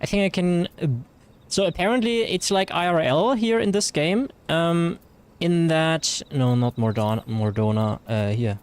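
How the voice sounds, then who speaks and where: A man's voice: a little high, a little slow, clear, resonant tone. A man with a German accent chatting casually through a game livestream, rambling with fillers and reading chat messages aloud. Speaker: streamer.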